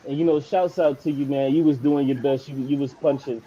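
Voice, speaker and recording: A man's voice: mid-range voice, steady tone, a little fast, warm tone, highs cut off, slight background noise. A man calling in to an online debate show, insistently repeating his questions. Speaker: caller.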